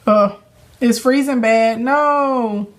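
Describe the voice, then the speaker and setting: A young woman with a slightly high voice talks to her viewers on a phone livestream. She is sassy and chatty, coaching them with plenty of laughs. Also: extremely slow. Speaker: livestream host and business coach. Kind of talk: casual livestream chat with viewers.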